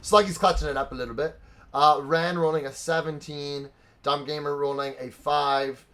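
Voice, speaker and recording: Soft music plays in the background as a young man runs a streamed tabletop session, mixing banter with dramatic narration. His fairly high, fairly bright voice keeps fairly even intonation at a moderate pace, captured on a streaming microphone.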